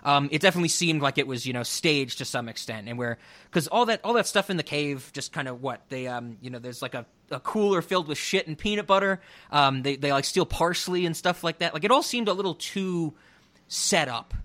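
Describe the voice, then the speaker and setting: A man's voice: a little high, lively intonation, fairly quick, a bit bright. A man co-hosting a casual podcast chat, rambling and laughing often as he talks. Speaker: podcast co-host.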